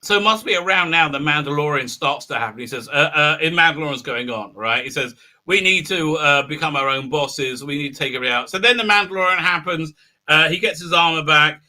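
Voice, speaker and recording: Bright-voiced man recapping a show. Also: on the high side, fairly quick. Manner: rambling, filler-heavy, jumps into silly character voices. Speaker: host of a fan commentary livestream. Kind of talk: casual recap with mocking impressions.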